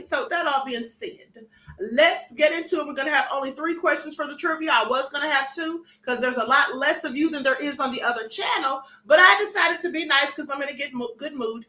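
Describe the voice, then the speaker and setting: Woman, host, live stream talk, chatty, high voice, bright tone. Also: reverberant. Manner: chatty, greets viewers by name, calls them honey and beloved. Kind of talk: livestream talk to members.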